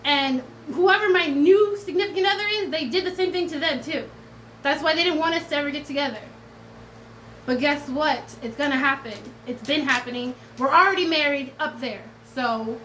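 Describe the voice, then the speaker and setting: High-voiced, blunt, profane woman. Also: moderate pace, a bit bright, a little hiss or hum, poor audio. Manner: blunt and profane, swinging between defiant and tender. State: close to tears at times. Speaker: tarot and oracle reader. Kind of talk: emotional casual vlog talk to viewers.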